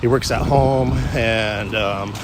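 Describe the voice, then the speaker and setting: A man's voice: fairly low pitch, fairly even intonation, slow pace. Vlogger, male, rambling walk-and-talk delivery, loose and chatty, faint traffic behind. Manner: meandering, self-interrupting, frequent restarts. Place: outdoors on a morning walk.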